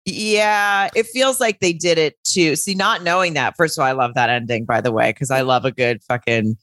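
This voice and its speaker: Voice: medium pitch, fairly even intonation, moderate pace, a bit bright, no echo. A podcast co-host in casual chat, enthusiastic and loose, swearing and laughing easily.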